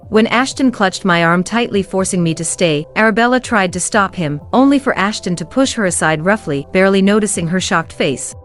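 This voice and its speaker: A woman's voice: mid-range voice, lively intonation, normal speed, few pauses. A young woman narrating a first-person werewolf romance story in a cold, cutting manner, with faint music behind.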